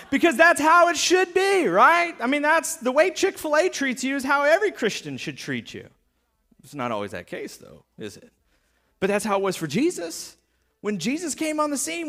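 A man's voice: high-pitched, a bit bright. A man giving a casual, joking sermon as pastor, acting out stories and quotes with many restarts.

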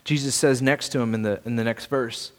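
A man preaching a sermon, earnest, restarting and repeating words and swinging between soft and loud. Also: medium pitch, steady tone, a little fast, in a large hall. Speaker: pastor.

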